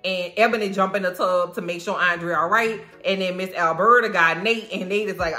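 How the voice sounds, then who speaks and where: A woman giving a comedic, profane movie recap, animated and acting out the characters. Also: medium pitch, a little fast, hardly any pauses, faint music behind. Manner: animated and profane, acts out characters, frequent laughter. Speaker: movie reaction vlogger.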